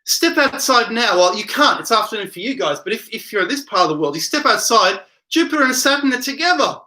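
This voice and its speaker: A man's voice: very high-pitched, animated, a little fast, bright, forceful tone. A man hosting a casual late-night livestream from home, reading viewer comments aloud and rambling in reply. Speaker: livestream host reading chat.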